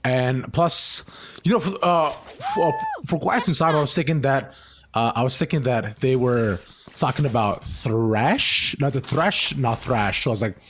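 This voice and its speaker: A man's voice: medium pitch, animated, unhurried, a bit bright, a little hiss or hum. A young man casting an esports match in a casual, rambling way, full of fillers and restarts. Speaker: esports caster.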